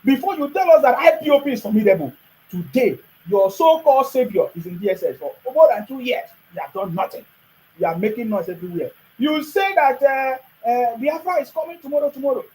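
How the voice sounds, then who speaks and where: A man's voice: very high-pitched, expressive, fairly quick, dark tone, rough recording. A man with a Nigerian accent giving a combative political monologue, addressing critics directly and repeating phrases for emphasis. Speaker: political commentator. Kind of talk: monologue to camera.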